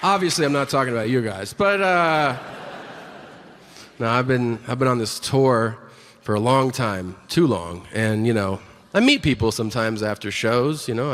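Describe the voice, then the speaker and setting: A man's voice: mid-range voice, a bit bright. A man in his forties doing stand-up comedy on a theater stage, telling brash, profane stories into a handheld mic. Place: theater stage before a live audience. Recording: live hall reverb with audience noise.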